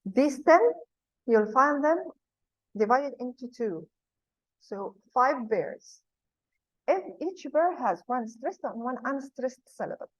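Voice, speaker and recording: A woman's voice: a little high, lively intonation, no room sound. Teacher woman explaining patiently, lo-fi sound. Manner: patient, repeats key points, speaks slowly to explain terms. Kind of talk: classroom lesson. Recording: dull lo-fi sound.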